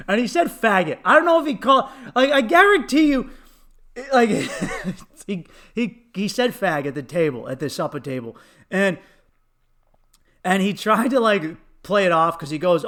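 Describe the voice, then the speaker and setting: A man's voice: high voice, fairly bright tone. A man hosting a solo comedy podcast, ranting with lots of swearing and laughing at his own jokes, sniffly from allergies.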